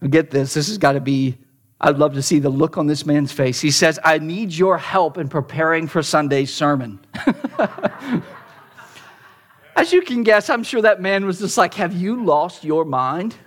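Male pastor, sermon storytelling, slightly high voice, swings from emphatic to hushed, repeats words. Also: a little slow, pauses often. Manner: storytelling, dramatic shifts from loud to hushed; repeats words at starts of phrases.

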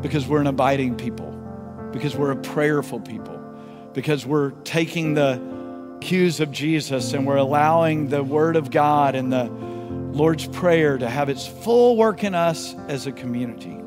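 A pastor giving a sermon, telling a story and leading prayer, moving between emphatic and hushed delivery. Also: male voice, a little high, normal speed, big-room sound, music in the background. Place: church sanctuary.

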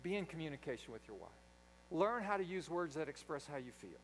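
A man preaching a sermon in a church, a dynamic speaker who swings from loud emphasis to quiet asides. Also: on the high side, very animated, a little fast, slight background noise, low-quality recording. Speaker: pastor. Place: church sanctuary.

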